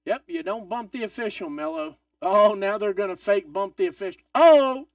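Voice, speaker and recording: A man hosting a live wrestling watch-along stream, excitable and swearing, swinging from loud outbursts to mutters. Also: high voice, fairly quick, no room sound, studio quality, recorded from a distance.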